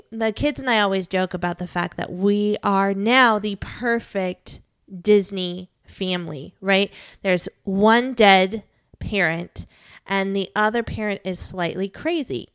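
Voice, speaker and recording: Mom in her 40s telling her story at a slow pace, candid, dry close sound. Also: mid-range voice, no echo. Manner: candid and earnest, with rueful laughs. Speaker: widowed mother giving a faith talk. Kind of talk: personal testimony talk.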